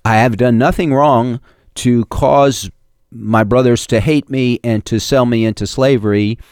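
A man's voice: medium pitch, fairly even intonation, measured pace, a little mellow, smooth, no echo, clean studio sound, lightly acted. A man preacher voicing an earnest young man speaking plainly about his hard situation. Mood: resolved. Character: young man, calm and resolved in hardship.

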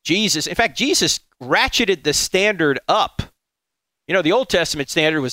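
A man giving a preaching talk, emphatic and rhetorical, sometimes jumping into high mocking voices. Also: expressive, fairly quick, sharp tone, no room sound. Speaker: apologetics speaker.

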